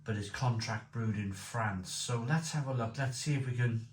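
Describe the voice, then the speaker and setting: A man talks through a beer tasting, eager and rambling, often circling back to repeat a phrase. His voice sits at an ordinary middle pitch. The room around him is echoey, with a faint hiss of background noise. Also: moderate pace. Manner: enthusiastic, repetitive, rambling. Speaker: beer reviewer. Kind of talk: casual beer review.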